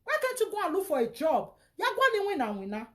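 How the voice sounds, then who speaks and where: Nigerian woman, high voice, angry scolding rant. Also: huge pitch swings, quick pace. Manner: scolding, insulting, repeats herself. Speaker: vlogger. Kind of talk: angry social media rant.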